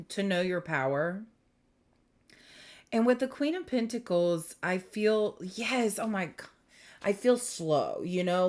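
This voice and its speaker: Slow, gentle woman giving a tarot reading. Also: medium pitch. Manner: rambling, gentle, with many fillers and restarts. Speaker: tarot reader. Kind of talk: spiritual tarot reading monologue.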